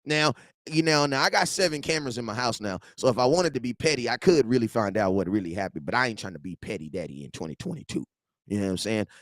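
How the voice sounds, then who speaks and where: A man about forty hosting a casual football fan show from his garage, animated and slangy, swinging between loud outbursts and low asides. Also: no room sound, clean studio sound.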